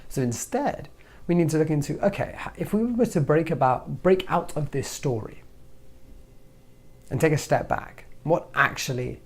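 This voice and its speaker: A man hosting a self-help video, talking to camera in a lively motivational way and acting out inner thoughts in hushed voices. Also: fairly high pitch, moderate pace.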